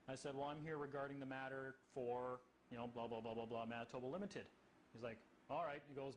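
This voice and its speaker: A man tells a story in casual talk, halting often and filling gaps with fillers. Faint noise hums behind him. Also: mid-range voice, fairly even intonation, poor audio.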